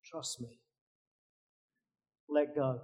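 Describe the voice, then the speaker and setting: A man doing a calm, matter-of-fact God. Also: sits high, takes it slowly. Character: calm, all-knowing male God.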